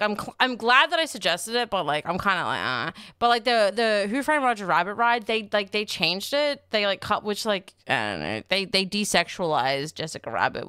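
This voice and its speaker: A woman's voice: mid-range voice, pushed and bright, smooth, dry recording, clean studio sound. A woman streamer chatting casually, full of fillers like "like" and "I don't know". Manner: chatty, filler-heavy, laughing.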